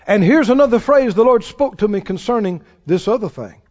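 A man's voice: high-pitched, expressive, brisk, few pauses, a little mellow. A man preaching a sermon in a folksy, emphatic way, acting out the people he quotes. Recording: dull sound with long hall reverb.

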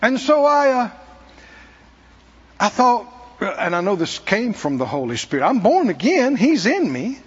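A man preaching, telling a self-mocking personal story in an animated way. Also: sits high, a little slow, slightly rough, long reverb tail, lo-fi sound. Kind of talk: testimony sermon. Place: church.

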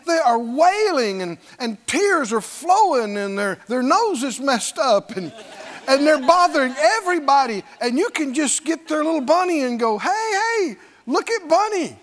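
A man preaching a sermon in an animated way, laughing often and acting out the voices of the people he quotes. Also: extremely high pitch.

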